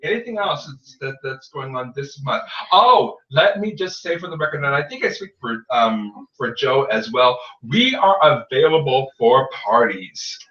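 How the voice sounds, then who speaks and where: With a pushed, bright, medium-pitched voice, a man talks animatedly at normal speed with few pauses. He hosts a casual podcast as a tarot reader, joking playfully and plugging his readings, in a roomy, distant, dull lo-fi recording.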